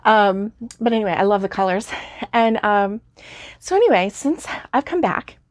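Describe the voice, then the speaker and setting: A woman's voice: medium pitch, animated, moderate pace, no echo, clean studio sound. A woman in her fifties chatting casually to viewers about her crafts, rambling and giggling through lots of fillers, a little sleepy and yawning. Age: 50s. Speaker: crochet vlogger. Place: home craft room.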